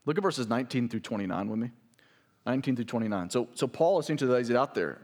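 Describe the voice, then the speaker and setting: A man's voice: animated, fast, a little mellow. A man, a pastor, preaching a sermon. He reads scripture aloud with rising emphasis and breaks in with asides to his congregation. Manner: preaching, rises in pitch and volume when reading scripture aloud; talks straight to the congregation with asides like "listen".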